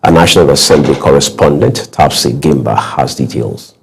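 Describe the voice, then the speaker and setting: Deep husky male anchor. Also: poor audio. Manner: measured, formal delivery. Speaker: news anchor. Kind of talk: scripted news reading.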